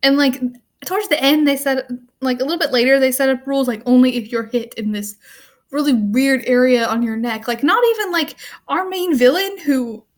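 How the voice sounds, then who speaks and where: A woman's voice: sits high, moderate pace. A young woman vlogging a casual movie rant, rambling and full of "like" and "um", offhand and wry. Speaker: student vlogger.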